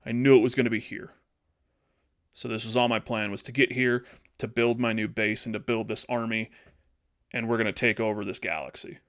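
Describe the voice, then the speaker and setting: A man's voice: mid-range voice, little pitch movement, brisk, fairly bright tone, no echo, studio quality, close to an everyday voice. A man voicing a cocky male villain who explains his plan in a smug, offhand way. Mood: boastful.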